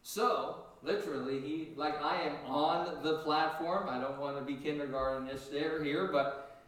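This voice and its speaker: A man preaching a sermon in a lively, animated way, jumping up in pitch as he acts out what people said. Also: measured pace. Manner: animated, acts out quotes with sudden high pitch jumps. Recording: echoey room, distant from mic.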